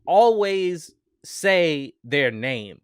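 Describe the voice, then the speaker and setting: A podcast host with a lively, swinging voice, recorded dry and close. He gives his opinions bluntly and swears casually. His tone is conversational throughout. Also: fairly high pitch, extremely slow, clean tone, dry recording. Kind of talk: casual chat.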